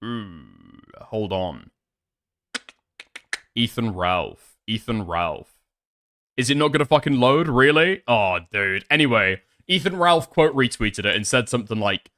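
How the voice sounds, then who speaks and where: A man's voice: mid-range voice, very animated, measured pace, pushed and bright. A young man doing casual stream commentary, swearing often, laughing and making sarcastic asides.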